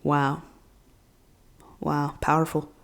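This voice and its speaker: A woman hosting her own podcast, talking casually and animatedly, full of slang with big jumps in pitch and loudness. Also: little pitch movement, slow pace, creaky. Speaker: podcast host. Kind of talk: casual solo podcast talk.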